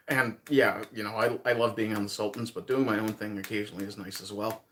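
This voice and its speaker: A livestream host from Newfoundland, Canada, with a light local accent, chats casually with his viewers, rambling and chuckling as he thinks out loud. His voice sits on the low side with fairly even intonation, a brisk pace, and a fairly bright tone, over slight background noise.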